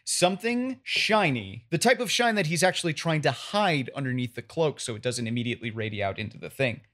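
A man narrating a tabletop game as game master, describing scenes in an animated way. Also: medium pitch, brisk. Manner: animated, descriptive, chuckling at slips.

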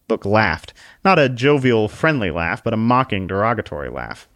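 A man's voice: on the low side, sing-song, moderate pace, few pauses, fairly bright tone, no echo. A man reading a story aloud in a wry, dry storytelling manner. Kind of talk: storybook narration.

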